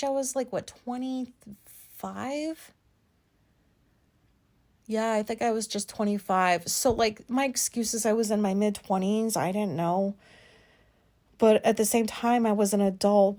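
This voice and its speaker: A woman in her forties, hosting a podcast and talking through an embarrassing memory in a candid, rambling way, self-conscious and quick to swear. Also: medium pitch, a little mellow. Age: 40s. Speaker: podcast host. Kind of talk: candid personal monologue.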